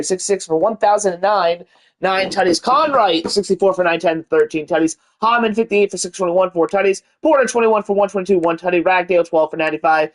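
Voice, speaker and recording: A man hosting his own video game channel, giving casual gameplay commentary with rambling, unsure asides and bursts of mock-announcer hype. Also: sits high.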